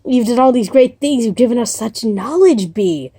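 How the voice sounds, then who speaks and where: Kind, gentle doll girl, voiced by a woman pitching a story; slightly high, dry. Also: animated, moderate pace, breathy edge, dry recording. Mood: comforting.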